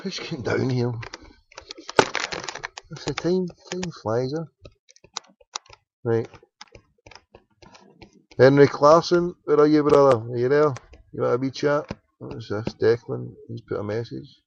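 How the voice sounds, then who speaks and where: A man's voice: mid-range voice, measured pace, creaky, long pauses, muffled recording, slight background noise. A man hosting a late-night phone-in on internet radio, muttering to himself as he works his computer. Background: keyboard typing and clicks.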